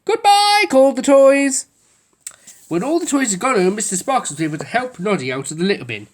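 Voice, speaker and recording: Expressive woman reading a children's story. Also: on the low side, quick pace, husky. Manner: expressive, lilting. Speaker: storybook reader. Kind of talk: children's story read-aloud.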